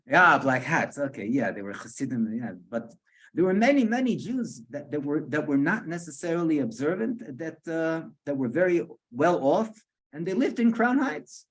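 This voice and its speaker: A man's voice: a little high, very animated, normal speed, fairly bright tone. A man, a rabbi, telling a story to a small group in a chatty way, chuckling often and repeating words as he searches for them.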